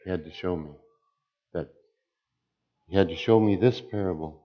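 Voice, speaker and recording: A man who is a church deacon giving a personal testimony, speaking slowly and deliberately. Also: low voice, highs cut off. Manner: slow, deliberate speech.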